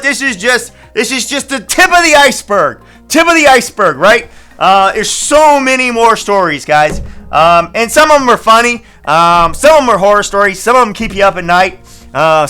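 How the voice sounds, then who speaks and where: A man's voice: high voice, bright, forceful tone, clean tone. A man hosting a casual storytelling vlog as a landlord, rambling and chatty, with many fillers and restarts. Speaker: landlord and channel host.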